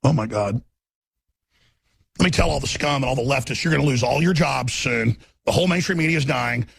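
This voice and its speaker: A man hosting a talk radio show, delivering a furious, shouting tirade with stammered restarts. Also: mid-range voice, brisk, vocal fry, husky. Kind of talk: angry ranting talk radio monologue.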